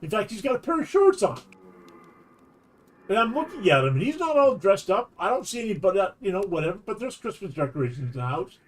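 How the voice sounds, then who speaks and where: A man's voice: sits high, very animated, quick pace. A man streaming while telling a long anecdote in a casual, rambling way, often restarting his sentences. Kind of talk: casual storytelling chat.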